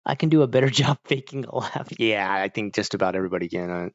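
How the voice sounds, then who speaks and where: Gravelly laid-back man chatting. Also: fairly low pitch, expressive, quick pace, dry recording, highs cut off. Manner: rambling, laid-back, talks to chat. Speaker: streamer chatting with viewers. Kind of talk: casual live-stream chat. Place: home, evening stream.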